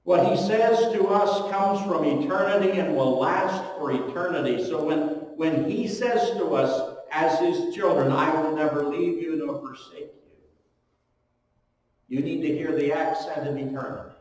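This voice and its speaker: Pastor guy preaching, storytelling, mid pitched voice, far off mic in a big echoey church. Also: normal speed. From eastern Ontario, Canada. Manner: storytelling, animated with strong rises and drops in pitch and volume. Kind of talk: sermon. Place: church hall. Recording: echoey hall, recorded from far off.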